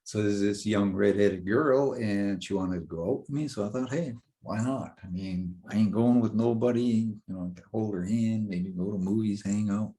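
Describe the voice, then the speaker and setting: A middle-aged man, a guest in a casual interview, telling a personal story in an animated way and often laughing as he talks. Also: lowish voice, normal speed, hardly any pauses. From Indigenous North American community. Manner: animated storyteller who laughs through his tale.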